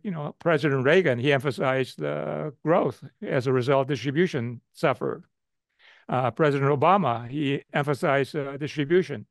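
A man's voice: mid-range voice, no room sound. Older man, dry close sound, many fillers. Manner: frequent fillers, repeats phrases. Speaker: economist guest speaker. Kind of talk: webinar Q&A answer.

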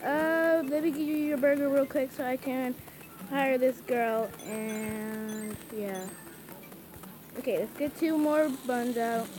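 Frantic high-voiced woman playing a game. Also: slow, a little mellow, a little hiss or hum, low-quality recording. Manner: frantic, pleading, talks to herself and the game customers. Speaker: gameplay commentator. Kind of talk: casual gameplay commentary. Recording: game sizzle and frying sounds clearly under the voice.

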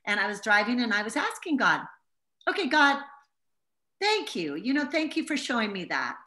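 A woman's voice: mid-range voice, sing-song, quick pace, sharp tone. A middle-aged woman giving an informal Bible teaching to a small group, telling stories in an earnest, heartfelt way.

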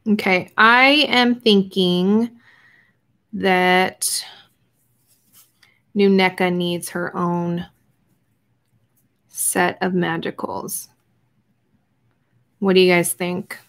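A young woman hosting an art journaling livestream, chatting casually with viewers while she paints and sometimes trailing off into quiet murmurs. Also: lowish voice, fairly even intonation, drawn-out words, long pauses. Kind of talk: casual live crafting chat.

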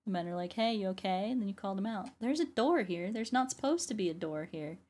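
A woman's voice: mid-range voice, lively intonation, quick pace, mellow, slightly rough. A woman who makes videos and ASMR, chatting casually while she plays a game, often repeating her phrases. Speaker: YouTuber and ASMR artist. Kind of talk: casual gameplay commentary.

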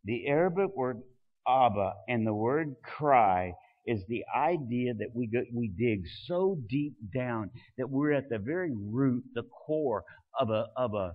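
A man preaching a sermon as pastor, swelling loud and dropping soft. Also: medium pitch, animated, unhurried, long reverb tail, phone-quality sound.

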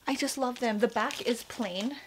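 A young woman with a slightly high voice gushes excitedly in a casual vlog chat. She talks in a rush of fillers and little exclamations, showing things off from her home. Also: normal speed, slight background noise. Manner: gushing, excitable, chatty with many fillers. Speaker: vlogger showing a shopping haul.

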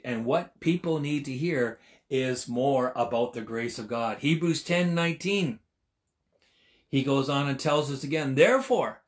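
A man in his sixties delivers a sermon in a notably high voice. He leans hard on key phrases, repeating them for emphasis. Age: 60s. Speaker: preacher.

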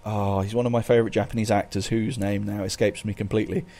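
A man's voice: on the low side, flat delivery, fast talker, warm tone. A man hosting a casual podcast chat, rambling along with many fillers. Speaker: podcast host.

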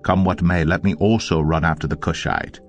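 A man's voice: deep voice, fairly even intonation, normal speed, highs cut off, faint music behind. Ahimaaz, a man voicing an earnest young runner. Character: eager young male runner pleading to carry news.

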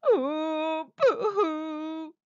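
Storybook shark: a woman doing a hungry young female shark, greedy and eager, high-pitched with a bouncy swooping voice, on a dull dry recording. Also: very animated, unhurried, fairly bright tone, no room sound, full character voice. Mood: crying. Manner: eager, then sobbing boo-hoos.

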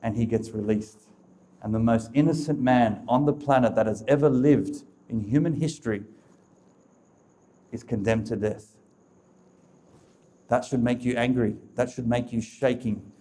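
A man's voice: medium pitch, a little slow, long pauses, dark tone, slight background noise. A man giving a preaching talk to a live audience, emphatic and repetitive, addressing listeners directly. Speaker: speaker of a religious talk.

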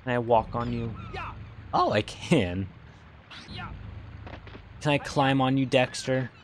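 A man's voice: mid-range voice, slow, a little hiss or hum. A man streaming a video game with goofy, playful commentary and jokey yelps of pain. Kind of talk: casual let's-play commentary.

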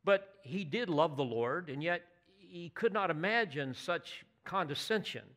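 A man in the pulpit with a somewhat high voice, preaching with earnest emphasis. He builds to fervent peaks and often turns to his listeners with direct questions. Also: lively intonation, measured pace, fairly bright tone. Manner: earnest, emphatic preaching with rising bursts of intensity. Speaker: pastor. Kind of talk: sermon.

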